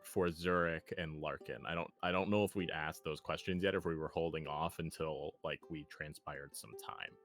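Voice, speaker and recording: A man's voice: rumbling low, fairly even intonation, normal speed, hardly any pauses, fairly bright tone, soft background music. A man running a tabletop role-playing game, talking through plans in a laid-back, rambling way. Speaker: game master. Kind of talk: casual tabletop game planning chat.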